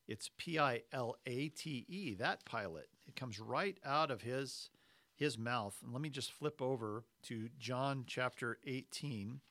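Male preacher, middle pitch, measured, chatty sermon delivery with asides; close and dry. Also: fairly bright tone, no room sound. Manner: conversational, measured, explanatory asides. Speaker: pastor. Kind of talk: sermon with scripture reading.

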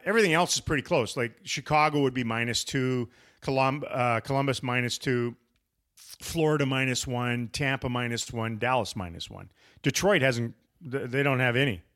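Guy hosting a sports podcast, dry teasing humor, kinda rambly, normal pitch. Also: normal speed, a bit bright. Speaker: podcast host. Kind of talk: casual sports podcast chat.

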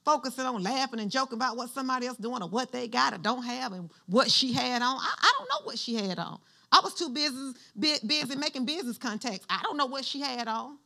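A woman's voice: on the high side, creaky, pushed and bright. A woman pastor preaching a sermon in church, using call-and-response and having the congregation finish her lines.

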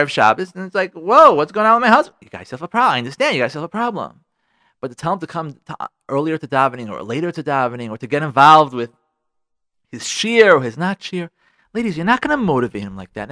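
A man's voice: medium pitch, pushed and bright, dry recording, studio quality. A man hosting a radio advice show, talking frankly and getting worked up as he addresses listeners directly. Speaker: radio show host giving marriage advice. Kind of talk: animated advice talk.

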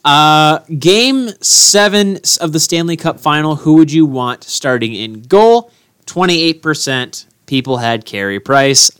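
A man co-hosting a casual sports podcast, rambling and repeating himself when excited. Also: on the high side, slow pace, smooth, no echo, studio quality. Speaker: podcast co-host.

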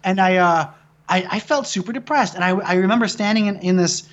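A man in his thirties from Michigan, a filmmaker appearing as a guest, tells stories in casual conversation. His voice is high, a bit bright and a little fast, and he swears often, rambling and restarting sentences. The highs are cut off in the audio.

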